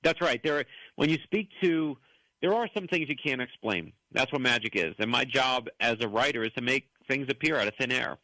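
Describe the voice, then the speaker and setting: A man's voice: medium pitch, fairly quick, dry recording, poor audio. A man in his fifties, from the United States, telling stories as an author guest and acting out the voices he quotes. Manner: animated storyteller who acts out quoted voices. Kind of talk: storytelling interview answers.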